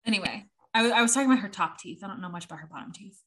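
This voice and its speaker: A woman's voice: mid-range voice, racing. A woman co-hosting a podcast, chatting casually and animatedly, often acting out what other people said. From American. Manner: chatty, animated, acts out quoted voices. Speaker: podcast co-host. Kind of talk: casual chat.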